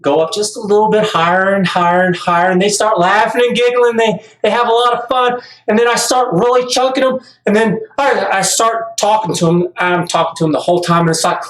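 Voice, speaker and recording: A man's voice: high voice, a little fast, hardly any pauses, a bit bright. Middle-aged man rambling in an echoey room. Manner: rambling, repeats words on restarts; gets emphatic and ranting. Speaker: vlogger. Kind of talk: casual monologue.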